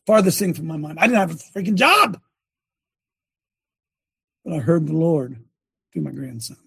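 A man's voice: a little high, animated, moderate pace, gravelly, a bit bright, slightly rough, no room sound. An older man and former coach giving a sermon-like testimony, telling it emphatically with many repeats and restarts. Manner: breaks off to direct a helper at a screen.

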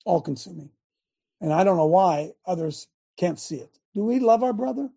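Male host, fiery sermon-style monologue, shouts for emphasis. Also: sits high, animated, moderate pace, creaky, breathy edge. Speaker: talk show host. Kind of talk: preaching talk show monologue.

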